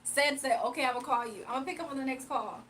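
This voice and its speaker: A woman's voice: sits high, fast, fairly bright tone, a little hiss or hum, rough recording. A young woman hosting a casual livestream, chatting playfully with viewers, reading comments aloud and laughing often. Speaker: livestream host.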